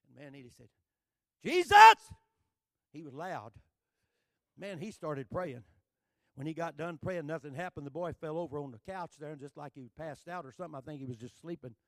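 An older man from Texas with a Texan accent, telling a folksy, joking sermon story that builds to shouting. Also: a little high, vocal fry, dry recording, clean studio sound. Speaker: preacher.

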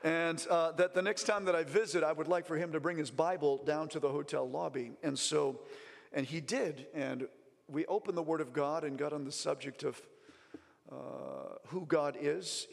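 Guy preaching a mission report, pretty high voice, lots of restarts, big echoey hall. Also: fairly even intonation, moderate pace, gravelly. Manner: fervent, with frequent restarts and praise interjections. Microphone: presentation mic in front of an audience. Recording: long reverb in a large hall.

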